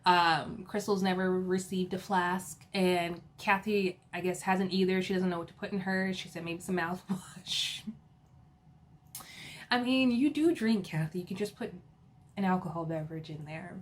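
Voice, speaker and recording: A woman's voice: lowish voice, level tone, normal speed. Chatty woman giggling through a TV recap. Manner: chatty, laughing, full of fillers and asides. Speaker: reality TV recap host. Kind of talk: casual episode recap.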